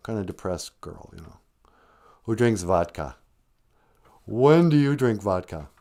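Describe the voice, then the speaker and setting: A man's voice: lowish voice, animated, unhurried, gravelly, warm tone. A man hosting a live stream, retelling a film in a rambling, chatty way. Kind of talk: casual storytelling.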